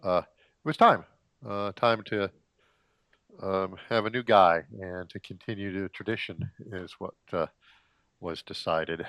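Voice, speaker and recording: Low-voiced man rambling through filler sounds. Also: fairly even intonation, a bit bright, no room sound. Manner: halting, heavy with filler sounds and restarts; frequent throat clearing. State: slightly out of breath. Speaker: vlogger. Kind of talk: rambling casual monologue. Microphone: cheap wireless gaming headset.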